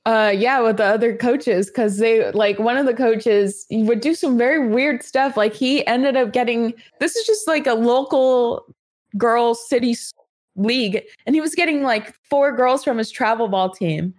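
A woman, a guest in an interview, talking in a relaxed, laughing way in loose run-on sentences. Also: a little high, measured pace. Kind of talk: casual interview conversation.

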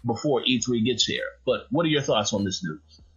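Man, podcast host, husky voice, stammers and repeats words, muffled lo-fi sound. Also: medium pitch, expressive, normal speed, fairly bright tone. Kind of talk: casual podcast chat.

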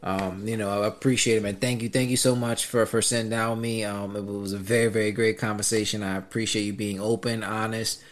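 A man with a fairly low voice hosts a casual podcast chat. He speaks in a reflective, earnest way, with loose fillers, and keeps calling his guest "man". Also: flat delivery, brisk, few pauses. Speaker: podcast host.

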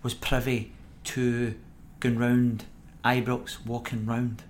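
A middle-aged Scottish man, a former footballer, telling animated stories as a podcast guest with frequent laughs. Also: medium pitch, slow, slight background noise. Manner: animated anecdote-telling, acts out quoted voices, laughs often. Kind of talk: podcast interview storytelling.

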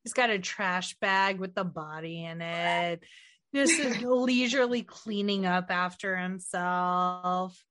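A woman chatting casually about a movie, retelling scenes in an animated way and swearing offhandedly. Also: on the low side, slow. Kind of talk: casual movie recap chat.

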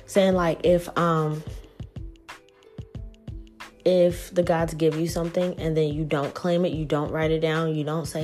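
A woman giving a casual, profane spiritual reading who acts out people's reactions in quick little voices. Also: low voice, level tone, a little mellow, faint music behind. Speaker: tarot reader.

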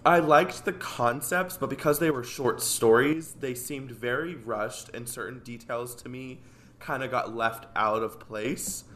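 A man co-hosting a podcast, playfully retelling film scenes with quick asides in casual chat. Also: mid-range voice, fairly bright tone.

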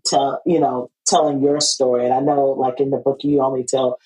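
A woman with a low voice hosts a podcast conversation. She talks casually and animatedly, often restarting her sentences and breaking into laughter. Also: level tone, moderate pace, a little mellow, poor audio. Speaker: podcast host. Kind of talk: casual interview chat.

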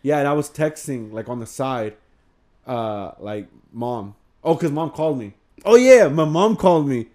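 A man's voice: mid-range voice, animated, moderate pace, darkish tone. A young man, telling a long story in a casual chat with friends, rambling, swearing and acting out what people said. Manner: rambling, swears often, acts out quotes.

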